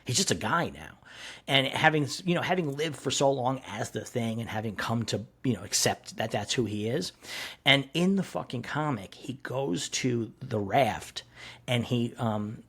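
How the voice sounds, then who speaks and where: A man co-hosting a casual comic-book podcast. His voice is slightly husky and swings widely in pitch as he retells scenes. He swears freely and acts out the characters' quotes. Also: lively intonation, normal speed, a bit bright. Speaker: podcast co-host.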